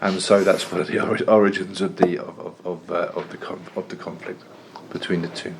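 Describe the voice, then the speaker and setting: A man giving a history lesson in a loose, conversational way. His voice sits a little low, and he often restarts his sentences between jokes. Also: flat delivery, a little fast, vocal fry, background noise. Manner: chatty, jokey, with frequent restarts. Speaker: history teacher. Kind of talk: classroom lecture.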